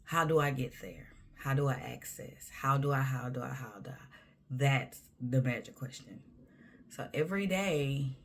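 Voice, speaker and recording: Husky woman, candid monologue. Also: rumbling low, moderate pace. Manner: emphatic and conversational, dropping to near-whispers. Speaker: vlogger.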